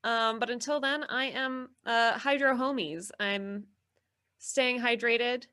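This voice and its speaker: A woman's voice: fairly high pitch, slow pace, bright, forceful tone, clean tone. A woman co-hosting a podcast, talking in a wry, laid-back, teasing way. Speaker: podcast co-host. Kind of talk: casual chat.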